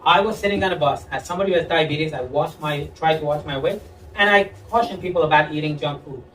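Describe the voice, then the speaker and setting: A man doing a stand-up comedy set on a club stage, telling jokes in a deadpan way and pitching his voice up when he quotes people. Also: fast. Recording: echoey club audio from far off, with crowd. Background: audience laughter and room noise.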